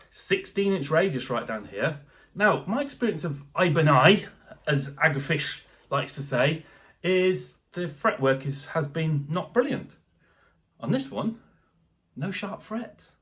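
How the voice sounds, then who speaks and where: Chatty male reviewer, slightly high, very lively delivery, quips to camera. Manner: chatty, animated, jokey asides. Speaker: guitar reviewer. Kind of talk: casual unboxing review.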